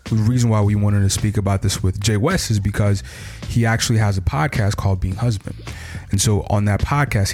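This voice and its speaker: Male podcast host from Africa, low-pitched and animated, faint music underneath. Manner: animated, sing-song welcomes. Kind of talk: casual podcast chat.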